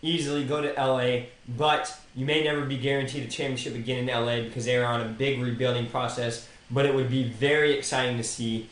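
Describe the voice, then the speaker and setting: A man's voice: medium pitch, little pitch movement, brisk, hardly any pauses, fairly bright tone. A young man co-hosting a sports podcast, giving opinions in casual chat and talking straight to the players. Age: young adult. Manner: opinionated, addresses players directly. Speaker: podcast co-host. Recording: roomy echo.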